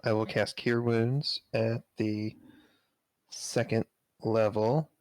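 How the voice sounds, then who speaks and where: A man playing a tabletop game, easygoing and unhurried, with frequent ums. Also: on the low side, little pitch movement, a little mellow, no echo. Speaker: player. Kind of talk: casual tabletop play.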